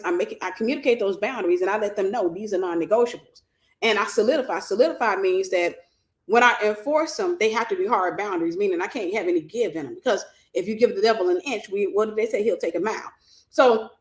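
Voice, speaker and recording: A woman leads a casual faith teaching on her own show, talking things through aloud and weaving in scripture. Her voice sits at a middle pitch. The room rings with a noticeable echo around her. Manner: conversational preacher's teaching, thinks aloud and restarts, quotes scripture. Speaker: ministry host and mentor. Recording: roomy echo.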